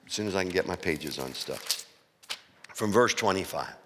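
A man's voice: low voice, lively intonation, normal speed, background noise. A male pastor preaching a sermon, asking the congregation questions and building emphasis. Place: church sanctuary. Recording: long church reverb.

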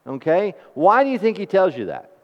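A man preaching a sermon, asking the congregation questions and telling homely stories in an animated way. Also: high voice, fairly quick. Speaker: pastor. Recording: dull recording with long hall reverb.

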